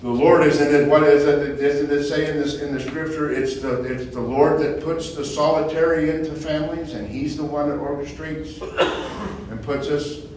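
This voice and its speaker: Man preaching, somewhat high voice, conversational, rhetorical questions, loud emphatic bursts, faint background noise. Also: steady tone, moderate pace. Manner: conversational, repeats phrases, asks rhetorical questions. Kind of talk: informal teaching to a small group. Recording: echoey room from far off, faint noise.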